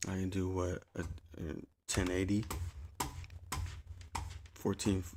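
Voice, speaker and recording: A man streaming from a small home desk, chatting to viewers in a slangy, profane, rambling way into a desk mic, sometimes yelling at a friend. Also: low-pitched, monotone, slow, background noise. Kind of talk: casual live-stream chat. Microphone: desk mic on a soundboard.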